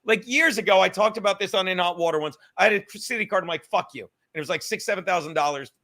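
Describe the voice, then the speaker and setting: A young man hosting a livestream, talking in a profane, rambling, animated way. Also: high voice, fast talker. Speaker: livestream host. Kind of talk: casual livestream rant.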